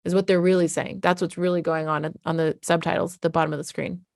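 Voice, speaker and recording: Frank, low-voiced parenting coach woman. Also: flat delivery, quick pace, gravelly, no echo, clean studio sound. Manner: frank and casual, swears freely. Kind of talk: candid talk to parents.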